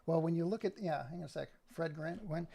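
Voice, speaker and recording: A livestream host chats casually with his audience in a gravelly, dark voice with a touch of fry, a little high in pitch for a man. He talks quickly and rambles from point to point, addressing chat and tossing in jokey asides to viewers.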